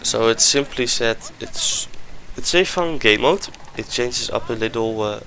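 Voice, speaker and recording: A man's voice: medium pitch, expressive, a little slow, pushed and bright, a little hiss or hum, low-quality recording. A man giving a casual, rambling game review over gameplay, often stopping to search for words and restart his sentences.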